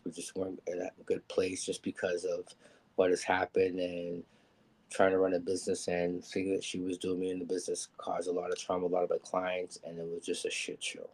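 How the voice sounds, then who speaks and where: Man, candid storyteller, husky low voice, rambles with fillers. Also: darkish tone, poor audio. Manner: rambling and candid, many ums, acts out quoted people. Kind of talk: personal storytelling on a live show.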